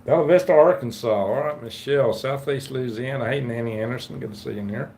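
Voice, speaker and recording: Man, fifties, gravelly livestream host, folksy and rambling. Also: mid-range voice, fast talker, a little mellow, a little hiss or hum. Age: 50s. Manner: rambling, folksy, greets viewers and reads chat aloud. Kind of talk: casual livestream chat.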